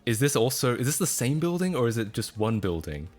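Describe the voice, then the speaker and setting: A man's voice: mid-range voice, sing-song, fairly quick, darkish tone, soft background music. A man chatting casually on a livestream, laughing often and breaking into incredulous outbursts.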